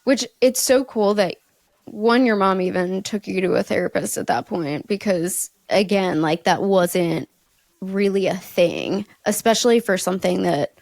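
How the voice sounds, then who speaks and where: A woman's voice: medium pitch, a little slow, creaky, darkish tone, no echo. A woman therapist co-hosting a podcast, responding supportively to her co-host. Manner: supportive listener, frequent affirmations. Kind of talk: casual podcast conversation.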